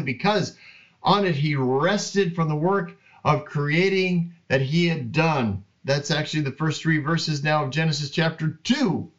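A man's voice: fairly high pitch, dull audio. A man teaching the Bible in a casual, earnest talk, reading verses aloud. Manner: earnest and animated, reads scripture aloud.

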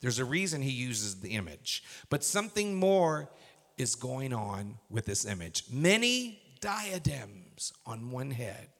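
A male pastor preaching a sermon, swinging from hushed whispers to loud, emphatic bursts. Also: medium pitch, very animated, takes it slowly, gravelly. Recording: reverberant hall.

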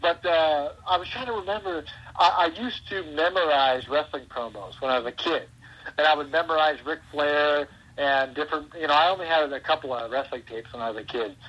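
A man in his forties, a pro wrestler guest, telling stories in a rambling, animated way and laughing often. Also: fairly high pitch, slightly rough, highs cut off. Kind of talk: casual interview chat.

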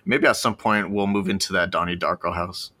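A young man chatting casually as a podcast co-host. His voice sits low but sounds bright and forceful. He rambles loosely, leaning on fillers and laughing often. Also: steady tone, a little fast. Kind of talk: casual chat.

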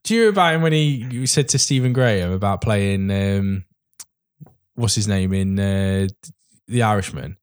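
A man's voice: lowish voice, normal speed, clean tone. A man co-hosting a podcast in casual chat, rambling with many fillers and casual swearing. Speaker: podcast co-host.

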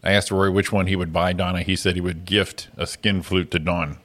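A man's voice: low voice, flat delivery, brisk, fairly bright tone. A man co-hosting a morning talk show, teasing his co-host in casual banter. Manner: laughs often, teasing banter. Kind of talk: casual chat.

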